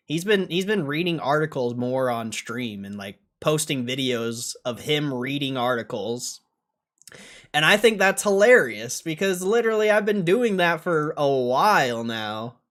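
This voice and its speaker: A young man casually reacting and commentating on a livestream, loose and swearing, often getting loud. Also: on the high side, very animated, a little slow. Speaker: stock streamer.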